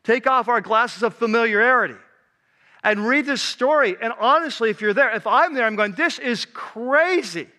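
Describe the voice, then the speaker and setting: A man preaching a sermon, animated, swinging from loud emphatic passages to soft, low, quiet ones. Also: normal speed. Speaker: pastor.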